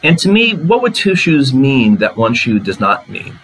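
A man's voice: mid-range voice, very animated, moderate pace, a bit bright, breathy edge, poor audio. A man lecturing on a poem, talking through it line by line and asking the class rhetorical questions. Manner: conversational, asks rhetorical questions. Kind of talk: literature lecture.

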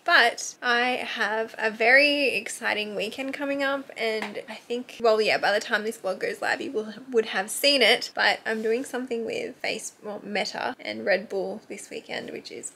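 A young woman talks candidly to her camera in a casual vlog, her voice bright and clear. It sits a little high, and she swears as casually as she chats. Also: normal speed, few pauses, slight background noise. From Australia. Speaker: vlogger and podcaster.

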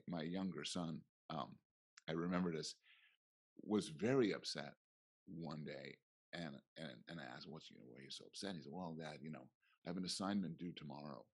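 A middle-aged professor with an extremely low, slightly rough voice talks reflectively as a guest in a conference interview. He acts out little quoted exchanges, giving voice to the people he quotes.

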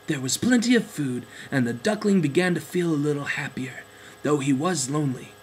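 A man narrating a children's storybook in a gentle, expressive way. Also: on the high side, fairly quick, a little hiss or hum, low-quality recording.

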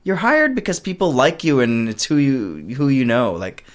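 Rambling, animated man guest. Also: mid-range voice, normal speed. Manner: rambling and animated, trailing off mid-sentence. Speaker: guest, puppet show creator. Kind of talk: casual interview chat.

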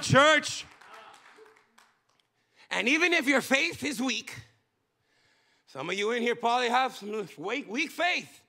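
A man preaching a sermon as pastor, swinging from loud shouted passages to hushed low lines. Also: vocal fry. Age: young adult. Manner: preaches with rising shouts and sudden hushed drops.

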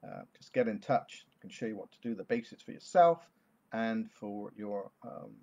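A man who works as a therapist, explaining a calming technique to parents in a gentle, reassuring talk to camera. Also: lowish voice, moderate pace, creaky. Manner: gentle, reassuring, repeats soothing words. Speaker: therapist offering online sessions.

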